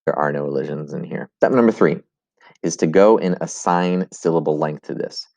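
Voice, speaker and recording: Very deep-voiced man teaching Latin. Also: moderate pace, creaky, a little mellow, dry recording. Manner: explains step by step, with fillers and restarts; chants rhythms as "bum, bum". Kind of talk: recorded video lesson.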